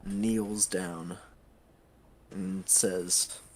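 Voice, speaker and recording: A man narrating as game master of a tabletop game, halting often with fillers. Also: low voice, steady tone, darkish tone, slight background noise.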